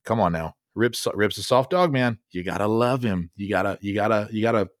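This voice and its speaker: Podcast host dude, kinda low voice, rambly and jokey, dry close mic. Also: male voice, a little fast, no echo. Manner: laid-back, rambling, joking. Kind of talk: casual podcast chat.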